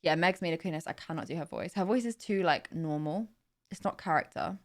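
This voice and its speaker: A woman's voice: fairly low pitch, a little fast. A young British woman livestreaming, chatting casually and playfully with viewers, laughing often. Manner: giggly, chatty, playful, animated with hand gestures.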